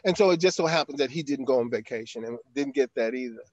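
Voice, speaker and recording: A man's voice: mid-range voice, quick pace, darkish tone, no echo, muffled recording. An older man, an actor, telling a long anecdote in an interview, acting out quotes and using frequent fillers. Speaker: actor guest. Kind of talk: storytelling in an interview.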